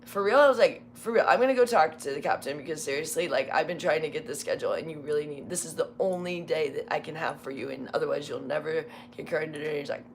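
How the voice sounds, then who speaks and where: Rambling woman, lower voice. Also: fast talker, creaky, hardly any pauses, slight background noise. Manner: rambling, many "like"s, acts out quotes. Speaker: former military flight scheduler. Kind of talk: casual storytelling chat.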